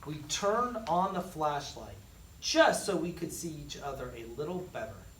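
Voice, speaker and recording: A school staff member reading a children's book aloud, slow and expressive, with dramatic pauses and a very lively pitch. The voice sounds distant in an echoey room with faint background noise. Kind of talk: storybook read-aloud.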